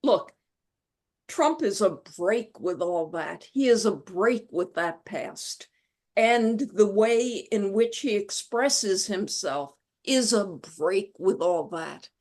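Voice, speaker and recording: A woman being interviewed as an author, telling stories in a reflective, measured way. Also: mid-range voice, animated, darkish tone. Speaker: guest author. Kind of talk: conversational interview.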